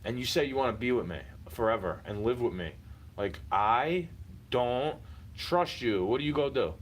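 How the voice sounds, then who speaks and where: Speaking at a normal speed with lively intonation, this medium-pitched man delivers a heated, repetitive personal rant to camera. He addresses the person who's exasperated him directly and curses often, over slight background noise in a low-quality recording.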